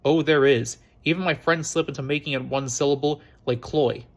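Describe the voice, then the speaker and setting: A man reading the lines of a quick-witted young college woman in a novel, with a playful, teasing delivery. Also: on the high side, steady tone, lightly acted. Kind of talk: read-aloud novel dialogue.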